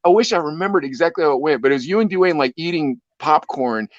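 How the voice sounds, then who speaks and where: A man co-hosting a podcast who tells animated stories and laughs through them. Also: fairly high pitch, fast talker, no room sound, highs cut off. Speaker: podcast co-host, former radio DJ. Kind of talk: casual chat, storytelling.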